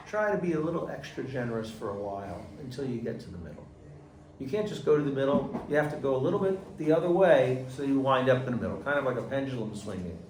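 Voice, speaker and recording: A man with a mid-range voice teaches a Torah lesson, animatedly asking the class questions and loudly acting out quotes as his energy rises. The recording has a faint hiss or hum, with the mic far off in an echoey room.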